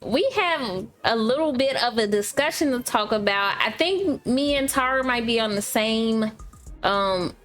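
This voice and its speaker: A woman co-hosting a podcast in casual chat, thoughtful and unhurried, often trailing off with fillers. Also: on the high side, lively intonation, a bit bright. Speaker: podcast co-host.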